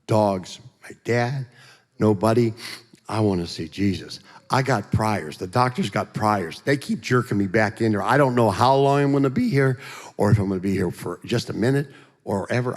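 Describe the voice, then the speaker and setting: An animated man giving his testimony from a church platform, joking and acting out voices as he goes. His fairly low voice carries a long reverb through the church sanctuary. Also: normal speed. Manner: animated, joking storyteller who acts out voices. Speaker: guest speaker giving a testimony.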